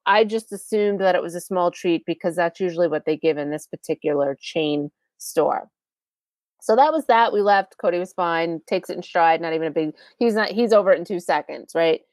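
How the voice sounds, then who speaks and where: A woman's voice: on the low side, brisk, a little mellow, no echo. A woman hosting a podcast, telling a personal story in a chatty, conversational way with asides to the listener. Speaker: podcast host.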